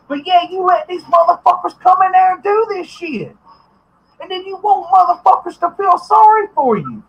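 A man's voice: extremely high pitch, expressive, normal speed, lo-fi sound, slight background noise. A man hosting a podcast, ranting bluntly and profanely, getting heated at times. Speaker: podcast host. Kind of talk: ranting commentary.

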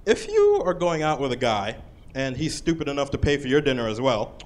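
A man performing a stand-up comedy set on a club stage, lively and jumping into shouted put-on voices. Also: medium pitch, a little fast. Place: comedy club stage under hot lights.

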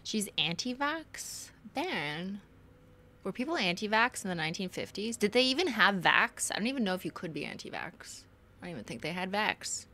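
A young woman chats through a live game stream with a bright, lively voice. She jokes loosely and reads on-screen text aloud as she goes. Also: medium pitch, moderate pace, a little hiss or hum. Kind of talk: casual live game commentary.

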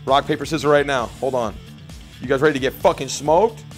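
A man hosting a gameplay video, brash and profane, joking and bursting into shouts. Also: medium pitch, fairly quick, soft background music. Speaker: gaming video host. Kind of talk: casual gameplay commentary.

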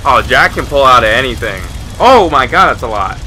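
A man giving let's play commentary with excitable shouts and frequent exclamations. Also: mid-range voice, a little fast, a little hiss or hum. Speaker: gamer.

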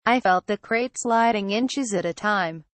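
A woman narrating a first-person horror story in a steady reading voice. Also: mid-range voice, a little slow, no echo.

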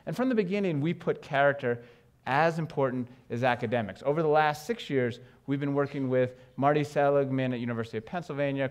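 A man from New York giving an animated conference talk on stage, joking with the audience and asking it questions. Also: on the high side. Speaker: education speaker.

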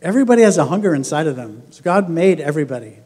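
Pastor guy preaching, kinda high voice, chatty storytelling, big hall echo. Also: big pitch swings, racing, darkish tone. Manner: conversational storytelling, acts out quoted voices, laughs often. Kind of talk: sermon. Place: church sanctuary.

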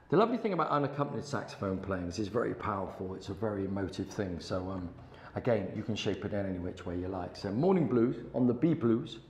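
With a lowish, darkish voice, a middle-aged man demonstrates sounds for a saxophone student, chatting and encouraging throughout the hands-on lesson. The recording has a roomy echo and faint noise behind it.

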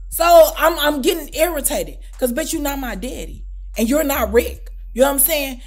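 A woman with a high voice tells a personal story straight to camera. She talks casually, with loud, exclamatory bursts and plenty of swearing. Her delivery stays animated the whole way through. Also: moderate pace, faint music behind. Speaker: storytime vlogger.

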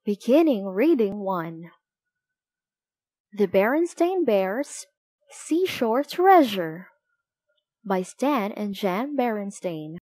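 A woman reading a children's picture book aloud, clear and deliberate. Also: medium pitch, very animated, warm tone, no room sound. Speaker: storybook reader.

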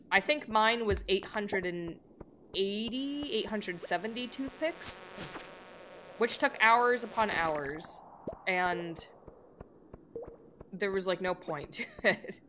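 A young woman streamer chatting casually with viewers while playing, rambling with lots of "like" and quick laughs. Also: mid-range voice, background noise. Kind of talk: casual gameplay chat with viewers.

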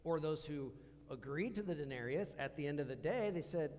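A man's voice: on the high side, big pitch swings, fairly quick, darkish tone, long reverb tail, slight background noise. A man preaching a conversational sermon in a church, asking the congregation questions as he goes. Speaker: pastor. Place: church hall.

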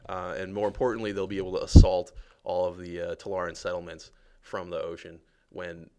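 Male game developer, deep gravelly voice, chatty, jokey live commentary. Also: little pitch movement, a little fast, warm tone. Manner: chatty and jokey, many fillers. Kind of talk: casual live gameplay commentary.

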